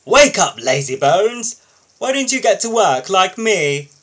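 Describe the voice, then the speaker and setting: A man's voice: medium pitch, very animated, unhurried, a bit bright, husky, exaggerated voice. A man voicing a rude, boastful male steam engine in a storybook reading, with a sneering manner.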